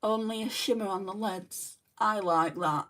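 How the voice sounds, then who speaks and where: Hosting a casual makeup livestream, a woman with a New Zealand accent chats and answers viewer comments while doing her makeup. Her mid-range voice is unhurried and fairly bright, picked up by a distant mic.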